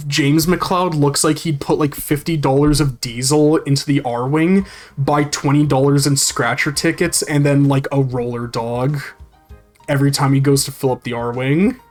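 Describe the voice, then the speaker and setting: A casual game streamer rambles through a live session, swearing freely and answering viewers' chat as they play. The voice sits at a middling pitch, and faint game music hums underneath.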